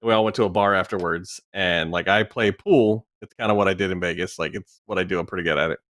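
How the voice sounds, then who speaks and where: Fast-talking chatty male co-host. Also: low-pitched, fairly even intonation, fairly bright tone, no echo, studio quality. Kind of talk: casual chat, storytelling.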